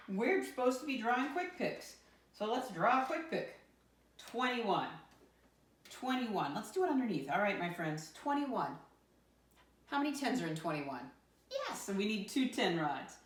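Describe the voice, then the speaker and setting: A woman teaching first graders a math lesson in a lower, sing-song voice, counting numbers out loud and coaxing the class along. She sounds a little far from the microphone, in a roomy, echoing space. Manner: sing-song teacher voice, counting aloud, calls listeners "my friends". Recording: roomy sound from a distant mic.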